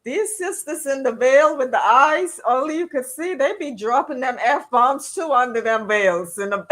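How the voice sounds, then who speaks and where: A woman's voice: high-pitched, moderate pace. A woman telling stories in casual chat, acting out quotes and laughing as she goes. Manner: animated storyteller who acts out quotes and laughs through her stories.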